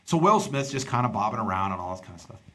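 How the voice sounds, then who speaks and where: A podcast host and stand-up comedian with a lowish voice talks fast, telling a story in casual chat. He's an animated storyteller who acts out the people in it.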